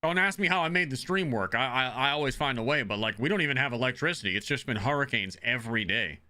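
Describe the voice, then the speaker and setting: A man's voice: mid-range voice, expressive, fast talker, sharp tone. A man originally from the Northeastern US chatting casually while streaming a game, blunt and profane and prone to rambling.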